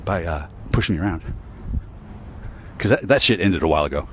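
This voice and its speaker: A man's voice: sits low, animated, brisk, slight background noise. Profane rambling man ranting outdoors. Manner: profane, rambling, with stammered restarts and sighs. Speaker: vlogger. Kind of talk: angry rambling monologue to camera.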